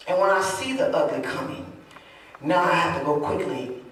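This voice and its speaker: A woman preacher, moving between loud shouted preaching and low, confiding talk in a sermon. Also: normal speed, slight background noise. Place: church. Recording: echoey church hall, distant mic.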